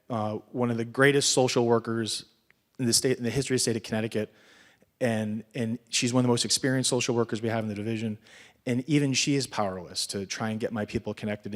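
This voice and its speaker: A man, an assistant public defender asking a panel a question, speaking nervously with halting restarts, heard from a distant mic. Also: mid-range voice.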